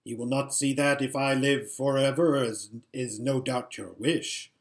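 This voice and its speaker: A man voicing a shrewd old male emperor who speaks in a dry, measured, sardonic way. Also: mid-range voice, close to an everyday voice.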